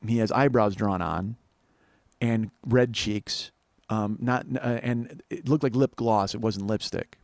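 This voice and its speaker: A man's voice: on the low side, unhurried, no echo. A man in his forties telling a rambling, profane story as a podcast host. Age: 40s. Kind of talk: storytelling monologue.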